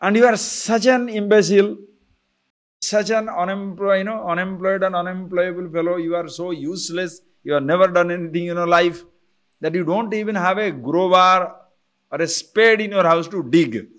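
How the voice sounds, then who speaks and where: Male spiritual teacher, storytelling lecture style, somewhat high voice. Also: normal speed, a bit bright. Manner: storytelling, full of rhetorical questions. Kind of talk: Vedanta scripture lecture.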